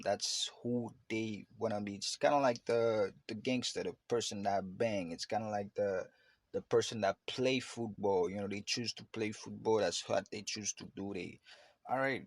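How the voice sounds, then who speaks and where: A man with a fairly low, creaky voice hosts a podcast, speaking at a normal speed with no room sound. He rambles through a casual, reflective monologue, leaning on fillers and frequent restarts.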